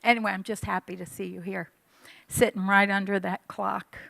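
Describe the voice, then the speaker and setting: A woman in her fifties giving a sermon, telling a personal story with animated delivery and acting out her own past lines. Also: mid-range voice, moderate pace, vocal fry. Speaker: church speaker. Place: church hall.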